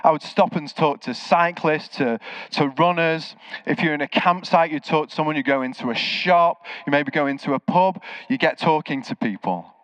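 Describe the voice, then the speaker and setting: Guy preaching, tells stories, does the voices, kinda higher voice, dry muffled sound. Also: moderate pace, dry recording. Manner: animated storyteller, acts out quoted voices. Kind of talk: sermon with storytelling. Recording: slightly dull, dry sound.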